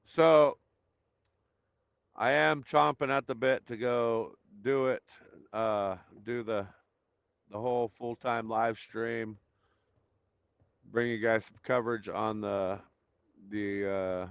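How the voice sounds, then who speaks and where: A man hosts a casual live stream at an average pitch, calling out viewers by name and drifting between remarks with plenty of ums. His voice comes through dry and a bit dull, like a modest computer mic at home. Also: steady tone, slow, gravelly, long pauses, smooth, dry recording. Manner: greets viewers by name, rambling with fillers. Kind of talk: casual chat reading viewer comments.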